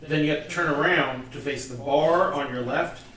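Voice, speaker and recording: A man's voice: on the high side, normal speed, a bit bright, recorded from a distance. Man running a tabletop game, echoey room. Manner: rambling, restarts while describing scenes. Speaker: game master. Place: room with several players. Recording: echoey room, mic from afar, group chatter.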